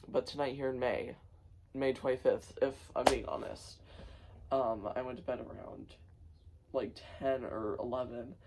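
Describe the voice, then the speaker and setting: A man's voice: mid-range voice, steady tone, measured pace, darkish tone, slight background noise, poor audio. A tired, sleep-deprived young man talking casually as a vlogger, subdued and rambling with fillers and restarts. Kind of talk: casual personal storytelling.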